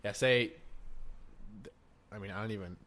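A young man with a fairly low voice chats loosely on a podcast, rambling and ribbing his co-host. His jokes tumble out with restarts and asides. Faint noise hums beneath the recording. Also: moderate pace, fairly bright tone. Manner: joking, rambling, playful teasing. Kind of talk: casual chat.

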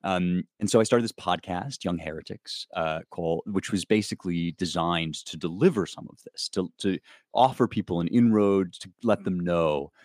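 Speaking at a moderate pace, a man with a low, darkish voice comes through in studio quality with no room sound. He is a US guest author in his thirties giving casual interview explanations, frequently restarting and filling pauses.

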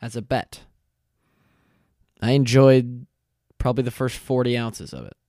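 A young man hosting his own podcast in casual chat, tired and lightheaded from fasting, rambling and correcting himself with lots of fillers. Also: medium pitch, dark tone, dry recording, clean studio sound. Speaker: podcast host. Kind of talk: casual solo podcast talk.

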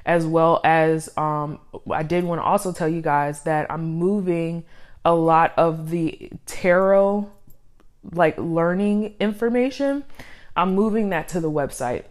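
Low-voiced young woman rambling on her podcast mic, kinda out of breath, lots of ums. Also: a little slow. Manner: rambling, filler-heavy, laughs often. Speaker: podcast host. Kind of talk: casual solo podcast talk. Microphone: studio microphone.

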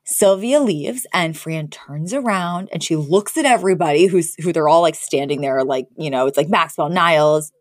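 A woman's voice: low voice, moderate pace, hardly any pauses, dry recording, studio quality. A woman co-hosting a podcast, recapping an episode in a chatty style, laughing often and using lots of fillers. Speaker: podcast co-host.

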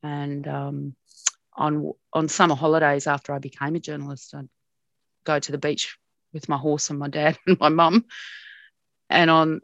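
A middle-aged woman with an Australian accent and a low voice, recalling her upbringing in a lively, story-driven way. She laughs often as she talks. The recording is close and dry. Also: moderate pace, long pauses, dry recording, lo-fi sound. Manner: animated storytelling with frequent laughs. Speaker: broadcast journalist, interviewee. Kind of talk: reminiscing in an interview.

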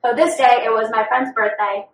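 Here a young woman on a podcast talks openly and crudely about her own life, oversharing as co-host in casual conversation. She speaks at a normal speed, her voice a little high with fairly even intonation, captured roomily by a far-off mic.

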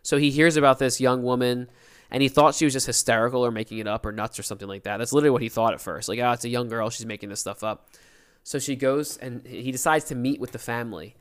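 A young man co-hosting a podcast, telling a story in a relaxed, chatty way. His voice is smooth and clear at an ordinary male pitch, and he slips into little voices for the people he quotes. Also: fast. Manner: animated storyteller acting out quotes. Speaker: podcast co-host. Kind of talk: casual storytelling chat.

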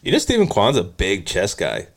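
Low-voiced, teasing male co-host. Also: wildly swooping pitch, moderate pace. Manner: dry, teasing, drops into impressions. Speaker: podcast co-host. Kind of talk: casual sports podcast banter.

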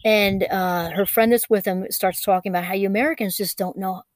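A woman's voice: medium pitch, fairly even intonation, brisk, no room sound. Chatty woman in her fifties, dry close sound. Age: 50s. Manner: rambling, full of "you know" and restarts. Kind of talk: casual reflective monologue.

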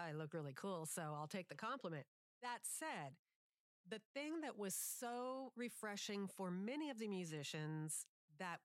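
Relaxed middle-aged woman, radio DJ. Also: mid-range voice, no room sound, clean studio sound. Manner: easygoing, quick to laugh. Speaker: radio DJ and voice-over artist. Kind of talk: casual chat.

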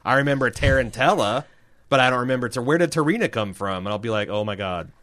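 A man's voice: mid-range voice, fast talker, fairly bright tone, no echo, studio quality. A man co-hosting a podcast, reading listener emails aloud in casual, joking banter and tripping over names.

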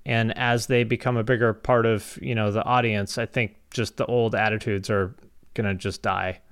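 Smooth-voiced male interviewer. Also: on the low side, fairly even intonation, normal speed, a bit bright. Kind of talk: casual interview conversation.

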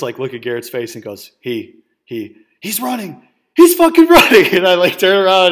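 A man's voice: medium pitch, fairly bright tone. A man from Wisconsin hosting a podcast, telling a story casually, rambling with fillers, laughs and swearing. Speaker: podcast host and coach.

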